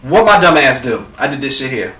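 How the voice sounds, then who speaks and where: A young man telling a profane, dramatic story to his camera, calling his viewers "girl" and breaking into shouts at the high points. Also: sing-song, fairly quick, distant mic. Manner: bursts into shouting at peaks. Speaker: vlogger. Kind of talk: animated storytelling rant. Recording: echoey room, off the mic.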